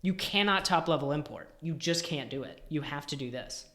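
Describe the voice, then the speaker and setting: A man's voice: on the high side, moderate pace, bright, forceful tone. A man live-streaming as he codes, thinking aloud and muttering in exasperation, sometimes dropping almost to a whisper. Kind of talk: thinking aloud while coding. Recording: roomy echo.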